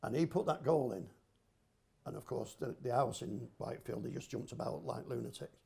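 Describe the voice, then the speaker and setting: With a mid-range voice, moderate pace, vocal fry and a warm tone, this grandfather guests on a podcast. He's a rambling, homely older man spinning football stories in casual local slang during laid-back chat.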